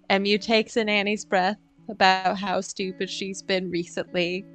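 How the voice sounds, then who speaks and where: A woman's voice: mid-range voice, level tone, unhurried, soft background music, poor audio. A woman player in a tabletop role-playing game, narrating her character's actions dramatically.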